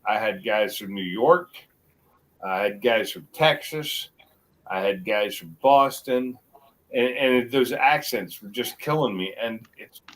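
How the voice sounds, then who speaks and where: A middle-aged man with a mixed American accent, chatting casually as a guest on a livestream and rambling with halting restarts. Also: mid-range voice, fairly bright tone, rough recording. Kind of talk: casual chat.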